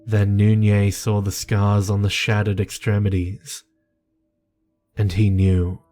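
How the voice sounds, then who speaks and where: Slow, flat-toned horror narrator, a man. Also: fairly low pitch. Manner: measured, grave storytelling. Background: faint music.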